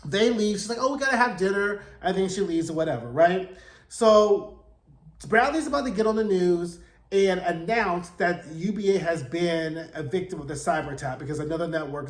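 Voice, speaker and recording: A man hosting a casual, chatty TV recap, telling the plot in a gossipy, animated way with slangy asides. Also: high-pitched. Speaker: TV recap host. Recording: roomy echo.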